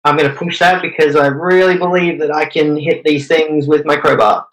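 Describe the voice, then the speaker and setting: A man's voice: on the high side, steady tone, moderate pace, a bit bright, low-quality recording. A man playing in a tabletop game, casual and a little unsure, asking about the rules. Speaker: player.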